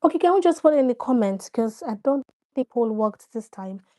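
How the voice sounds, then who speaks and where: A woman's voice: fairly high pitch, animated, a little fast, mellow. A woman hosting a casual live stream, addressing her viewers directly, coaxing them to respond and often repeating herself.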